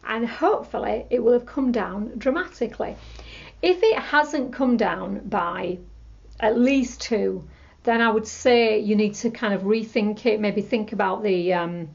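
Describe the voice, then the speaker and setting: A woman teaching a tapping technique, calmly repeating example phrases as she explains. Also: medium pitch, vocal fry, muffled recording. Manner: calm, repetitive, demonstrates scripts aloud. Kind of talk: instructional talk to camera.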